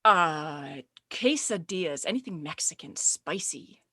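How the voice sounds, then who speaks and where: A middle-aged woman chatting as a podcast guest, animated and quick to laugh while telling stories. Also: sits low, husky, no room sound, clean studio sound. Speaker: podcast guest, speaker agent. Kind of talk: casual interview chat.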